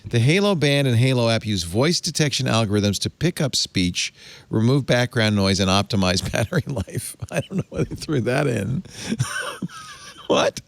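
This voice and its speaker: A man's voice: mid-range voice, lively intonation, normal speed, creaky, no room sound. A man hosting a tech talk show, reading press text aloud and mocking it with wry asides. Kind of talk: casual panel chat.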